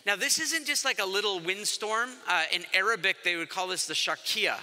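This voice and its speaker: High bright guy giving a chatty jokey sermon, big echoey hall. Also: moderate pace. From grew up by the ocean. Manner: conversational, jokey preaching with acted-out quotes. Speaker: pastor. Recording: long hall reverb.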